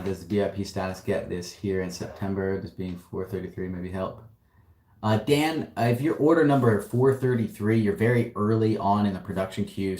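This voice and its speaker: A man's voice: on the low side, a little mellow, roomy sound. A man hosting a casual livestream Q&A, upbeat and slangy, reading out viewer questions and answering them. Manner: upbeat, slangy, laughs often. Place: warehouse.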